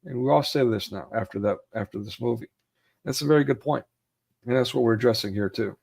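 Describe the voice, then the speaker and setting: A man's voice: mid-range voice, fast, creaky, darkish tone, slightly rough. A man in casual chat about his favorite movies. He rambles with fillers and acts out quotes in raised voices. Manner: rambling, with many fillers and restarts. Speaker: co-host of a film chat.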